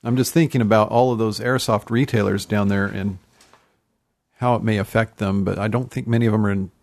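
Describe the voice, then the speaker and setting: A man co-hosting a casual talk show, chiming in quickly and thinking aloud. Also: fairly low pitch, steady tone, gravelly, darkish tone. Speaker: co-host. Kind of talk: casual chat.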